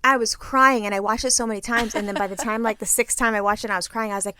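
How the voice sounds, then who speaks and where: A middle-aged woman co-hosting a casual chat, telling a story in an animated, profane way and acting out what people said. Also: fairly high pitch, fast, hardly any pauses, a little hiss or hum. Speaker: podcast co-host.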